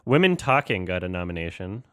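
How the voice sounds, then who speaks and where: Low-voiced man hosting a casual chat. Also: very animated, a little fast, fairly bright tone, clean tone, no room sound, studio quality. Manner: thinks aloud, scrolling and reading out award results. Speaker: host.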